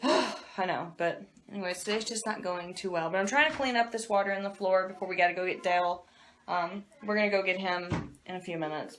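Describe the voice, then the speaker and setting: Woman, thirties, home vlog, worried, sighing, mid pitch, faint background noise. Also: a bit bright. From Mississippi, US. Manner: worried, sighing, halting with fillers. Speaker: family vlogger. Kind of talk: casual vlog talk. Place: home, indoors.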